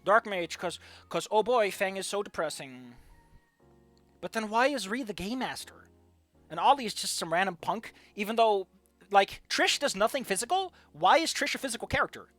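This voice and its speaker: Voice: mid-range voice, lively intonation, normal speed, dry recording. A streamer who did not grow up speaking English, chatting and joking self-deprecatingly over a game, with faint music behind. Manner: chatty, jokey, self-deprecating, swings between loud outbursts and mumbling.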